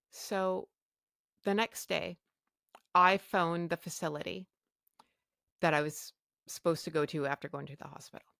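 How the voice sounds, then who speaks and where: A woman's voice: on the low side, vocal fry, a bit bright, no room sound, studio quality. A woman hosting her own podcast, telling a personal story in a frank, emotional way and swearing freely. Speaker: podcast host.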